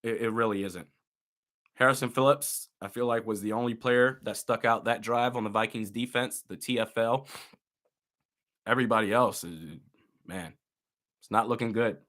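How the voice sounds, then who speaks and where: A young man giving live reaction commentary on a football game as a fan, animated and exasperated, with loud outbursts. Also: mid-range voice, moderate pace, long pauses.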